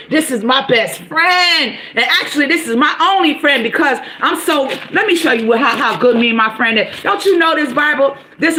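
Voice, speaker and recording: A middle-aged woman giving an animated, preachy motivational talk on a live stream, with folksy endearments and bursts of exclamation. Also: high-pitched. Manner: folksy, calls viewers baby girl and honey.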